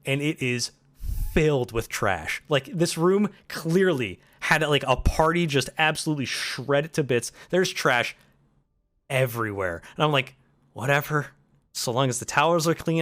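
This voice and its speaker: A man's voice: mid-range voice, expressive, normal speed, a bit bright. A young man in casual chat, ranting through a story with swearing and acting out both sides of the exchanges. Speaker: streamer telling a travel story.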